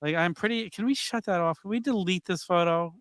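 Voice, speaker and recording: A man's voice: high-pitched, a little fast, a bit bright, no echo, clean studio sound. A man co-hosting a podcast in casual chat, enthusiastic and teasing as he heaps praise. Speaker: podcast co-host.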